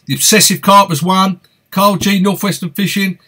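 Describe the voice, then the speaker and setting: A man's voice: high-pitched, steady tone, normal speed, bright, forceful tone, breathy edge. A man with an East London accent hosting a live fishing Q&A stream, chatty and upbeat, reading out viewer comments and greeting people by name. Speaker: fishing channel host.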